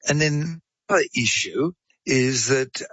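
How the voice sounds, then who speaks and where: A man's voice: medium pitch, measured pace, fairly bright tone, slightly rough, no room sound, lo-fi sound. Chatty man telling medical stories. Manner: chatty, digressive, uses fillers and asides. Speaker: guest explaining medical science. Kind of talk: casual explanatory storytelling.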